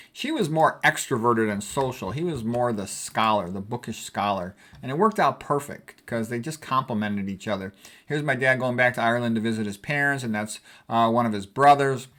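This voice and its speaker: An older American man in his sixties talks in a loose, conversational way, wandering from one memory to the next and repeating himself for emphasis. He sounds like a physician sharing family stories over old photos, at an ordinary middle pitch. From United States. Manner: rambling, conversational, warm reminiscing. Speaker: physician vlogger.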